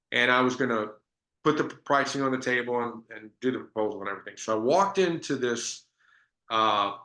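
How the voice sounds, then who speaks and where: A man's voice: medium pitch, bright, forceful tone, reverberant. A man giving a business sales training talk, telling stories in a conversational way with frequent restarts.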